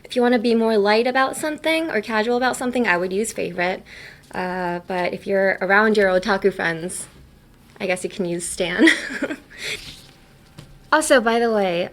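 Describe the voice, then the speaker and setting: A woman's voice: mid-range voice, moderate pace. Woman podcast host, casual teacher vibe, giggly, goofy examples. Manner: playful, laughs often, explains with silly examples.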